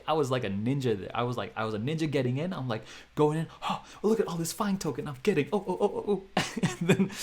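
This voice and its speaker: A man hosting a vlog who tells a story in an animated way. He acts out the quoted dialogue with big jumps in pitch and loudness, and he laughs often and mocks himself. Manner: self-mocking, laughs often. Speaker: crypto video host.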